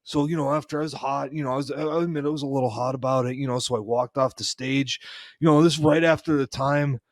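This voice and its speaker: A man spinning a long, wandering yarn as a podcast co-host, stumbling over restarts and leaning on "you know" at every turn. His voice sits at an ordinary middle pitch and sounds dry and close, with no room around it. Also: fairly even intonation, fast, dry recording. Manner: meandering, peppered with "you know". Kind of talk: rambling comedic storytelling in character.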